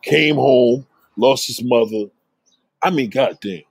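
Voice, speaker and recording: A man telling street stories in a casual monologue, animated, acting out the voices of the people he describes. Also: medium pitch, slow pace, vocal fry, slightly rough, no echo.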